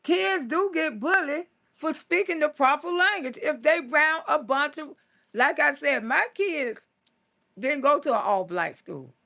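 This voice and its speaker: Gravelly, high-voiced woman in her sixties. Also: animated, a little slow, bright, forceful tone. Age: 60s. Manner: blunt, salty, laughs often, scolding storyteller. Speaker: comedian live-streamer. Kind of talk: casual live-stream chat reading viewer comments.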